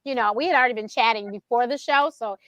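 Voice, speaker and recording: A woman telling stories in casual talk, animated, laughing often and acting out what others said. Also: fast talker, dry recording. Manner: animated, acts out quotes in a higher voice; laughs often mid-sentence. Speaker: show host being interviewed. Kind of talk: casual storytelling.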